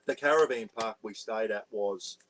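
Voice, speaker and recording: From his parked caravan, an Australian vlog host rambles through a casual livestream chat, often saying "bloody." His lowish voice has a fairly bright tone at a normal speed. The recording is rough, with slight background noise.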